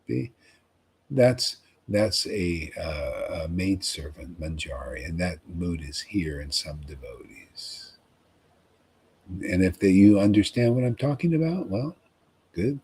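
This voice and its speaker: A man giving an informal, rambling devotional talk to followers, often pausing to ask "see?" and repeating himself. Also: on the low side, mellow, husky. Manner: conversational, rambling, repeats words and asks "see?". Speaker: spiritual teacher.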